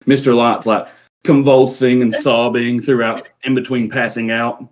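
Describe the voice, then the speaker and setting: A man's voice: medium pitch, little pitch movement, normal speed, highs cut off. A man narrating as a tabletop game master, rambling with many fillers.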